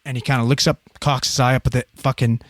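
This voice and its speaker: A man's voice: mid-range voice, fast talker, no echo. Guy in his 30s telling a wild story on a podcast, swears a lot, laughs, super dry mic. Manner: profane, animated storytelling with laughs. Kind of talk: casual storytelling.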